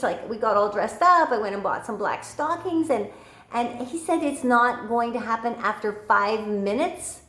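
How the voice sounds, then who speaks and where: A woman's voice: mid-range voice, moderate pace, fairly bright tone, slight background noise. A woman sex coach telling a story casually to camera, chatty with many fillers and repeated words. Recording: echoey room.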